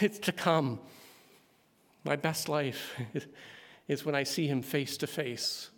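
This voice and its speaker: A man preaching a sermon, building to loud emphatic climaxes. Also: a little high, takes it slowly, long pauses. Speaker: pastor. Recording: long hall reverb.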